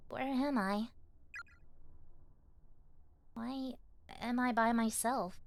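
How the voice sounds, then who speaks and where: A woman voicing a frightened, anxious teenage schoolgirl in a game, speaking in a soft, hushed, shaky way. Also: on the high side, a little hiss or hum. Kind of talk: reading game dialogue aloud.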